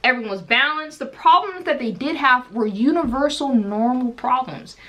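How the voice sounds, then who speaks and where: Lively, bright-voiced young woman ranting. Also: sits high, normal speed, lo-fi sound. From United States. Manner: animated, rhetorical questions, frequent laughter. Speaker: commentator. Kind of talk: casual reaction commentary.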